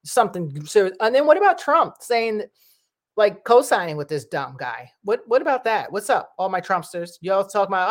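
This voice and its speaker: A woman's voice: mid-range voice, moderate pace. Chatty middle-aged New woman. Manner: rambling, chatty, with animated quoted voices. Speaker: vlogger. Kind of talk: casual monologue to viewers.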